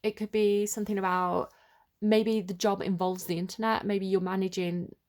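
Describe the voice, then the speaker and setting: Woman, tarot reader, middle pitch, chatty and tentative, unscripted thinking aloud. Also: flat delivery, normal speed, darkish tone. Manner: rambling and chatty, full of "like" and "kinda". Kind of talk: unscripted collective tarot reading.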